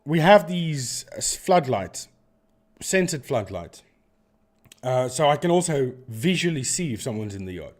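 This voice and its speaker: Mid-pitched man, live-stream host, loose and digressive, keeps restarting his sentences. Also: very animated, measured pace. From South Africa. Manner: rambling, digressive storyteller who often restarts sentences. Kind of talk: casual live-stream chat.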